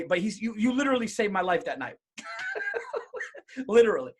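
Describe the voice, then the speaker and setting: Sheepish man with a high voice. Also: wildly swooping pitch, normal speed, long pauses. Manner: sheepish storyteller, drops to a hushed voice. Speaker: podcast host. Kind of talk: casual podcast chat.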